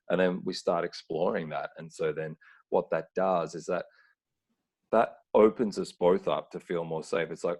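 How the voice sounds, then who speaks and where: A man's voice: sits low, steady tone, brisk, a little mellow, slightly rough. A man speaking as a podcast guest, earnest and searching, often filling with "like" as he reflects. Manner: earnest, searching, frequent "like" fillers. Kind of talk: reflective conversational talk. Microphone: remote call.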